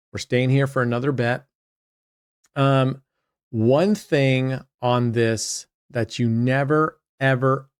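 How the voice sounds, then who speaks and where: A man's voice: mid-range voice, clear, resonant tone, no room sound, studio quality. Chatty man narrating his roulette play. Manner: chatty, addresses viewers directly, trails off mid-sentence. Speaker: host. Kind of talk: casual commentary while playing roulette.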